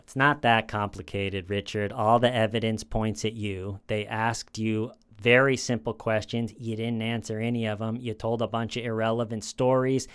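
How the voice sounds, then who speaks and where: A man's voice: fairly low pitch, flat delivery, normal speed, hardly any pauses, fairly bright tone, smooth. A man giving casual true crime commentary, retelling a scene in a conversational way with repeated phrases and small restarts.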